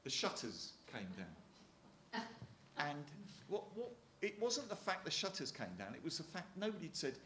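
A man's voice: on the high side, wildly swooping pitch, moderate pace, a bit bright, echoey room, slight background noise. A man in his sixties with a Hampshire accent, a retired Marine telling chatty anecdotes to an audience, often restarting and chuckling. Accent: Hampshire English. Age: 60s. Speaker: retired Royal Marine speaker.

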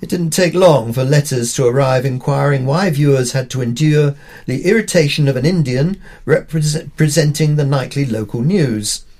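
Older guy from pakistan reading out his column, wry and dry, mid-pitched voice. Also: moderate pace, darkish tone. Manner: wry, dryly humorous storytelling. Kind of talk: read-aloud opinion column.

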